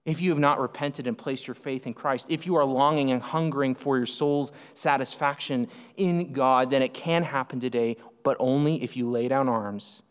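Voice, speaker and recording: A man preaching a sermon as pastor, animated, acting out the people in the passage he explains. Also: medium pitch, moderate pace, hardly any pauses, clear, resonant tone. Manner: animated, acts out the speakers in the passage. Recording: long hall reverb.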